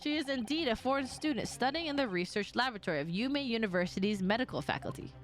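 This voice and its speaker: A woman voicing a composed male police inspector in a game read-aloud, with a measured, matter-of-fact delivery. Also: a little high, expressive, soft background music, natural voice. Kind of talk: reading a game aloud in character.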